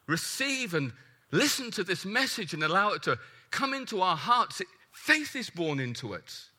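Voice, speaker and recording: A man preaching a sermon, emphatic and animated, putting questions to the congregation. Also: high-pitched.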